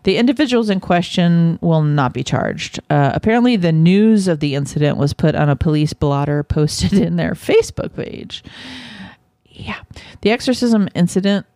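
A woman's voice: fairly low pitch, lively intonation, normal speed, warm tone, no room sound. Giggly woman podcast co-host, dry sound. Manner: giggly, laughs through her reading of news. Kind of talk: casual podcast chat.

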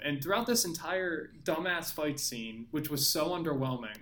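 A young man with a fairly high voice co-hosts a casual podcast. He talks in a loose, sarcastic way and mocks what he describes with a lot of laughing. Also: moderate pace, fairly bright tone. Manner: sarcastic, mocking retellings with frequent laughing. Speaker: podcast co-host. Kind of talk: casual movie-review chat.

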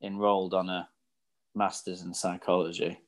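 A man's voice: deep voice, little pitch movement, normal speed, over a noisy crowd. A man in casual chat as co-host, talking about coaching and studies, laughing easily at himself. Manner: laughs easily, self-deprecating.

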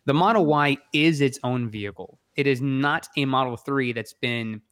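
A man's voice: mid-range voice, moderate pace, fairly bright tone. Joking man co-hosting a podcast. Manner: joking, offers his own opinion. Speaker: podcast co-host. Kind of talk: casual podcast chat.

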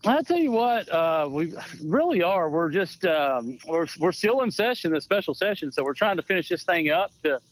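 A man's voice: a little high, sing-song, moderate pace, hardly any pauses, no echo, rough recording. Friendly, easygoing male phone-in guest. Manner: friendly, easygoing, hesitant with fillers. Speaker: state legislator calling in. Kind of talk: casual radio interview.

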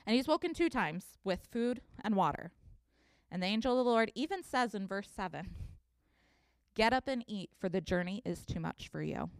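A woman pastor in her thirties preaching a sermon, telling a scripture story with expressive reading. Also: medium pitch, no room sound, studio quality.

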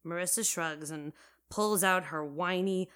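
A young woman narrating first-person audio fiction in a wry, casual, deadpan way. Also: lowish voice, measured pace, smooth.

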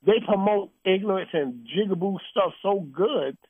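A man hosts an uncensored call-in talk show, ranting bluntly and heatedly. His voice sits fairly high. The sound is dry and thin, like a phone line. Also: moderate pace, no echo. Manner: blunt, heated ranting with mocking put-on quotes.

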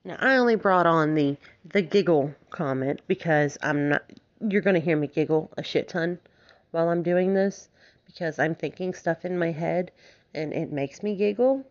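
A woman's voice: on the low side, normal speed. A woman from Alabama with a light Southern accent, hosting a casual podcast monologue, giggly and freely swearing as she mocks herself. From Alabama, United States. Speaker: podcast host. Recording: slightly dull lo-fi recording.

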